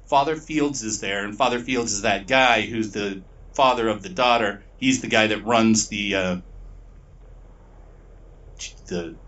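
A man's voice: lowish voice, a bit bright, distant mic, dull audio. Rambling, profane man recapping a plot. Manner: profane, rambling retelling with quick put-on voices. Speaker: podcast co-host.

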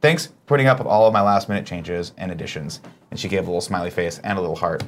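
A man's voice: low voice, quick pace. A man hosting a casual morning show, joking and reading news items with enthusiasm. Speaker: host.

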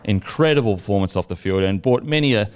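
A man co-hosting a crude comedic sports podcast, presenting awards and reading nominees out slowly. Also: fairly low pitch, lively intonation, smooth. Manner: slow, announcer-like when reading nominees.

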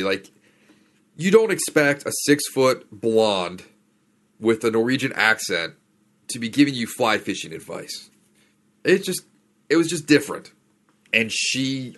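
A man's voice: lowish voice, fairly bright tone. A man hosting a podcast, telling a rambling story in a chatty, slangy, casual way. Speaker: podcast host.

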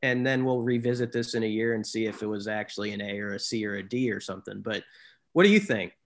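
A man's voice: on the low side, fast talker. A man co-hosting a casual sports talk show, rambling and often correcting himself as he gives his opinions.

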